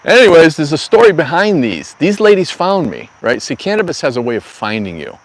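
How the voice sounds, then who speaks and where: A man's voice: a little high, big pitch swings, brisk, low-quality recording. A middle-aged man talks casually on a live stream from an outdoor garden. He rambles through stories with folksy, slangy asides, sounding like an easygoing host chatting with regular viewers. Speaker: cannabis grow channel host.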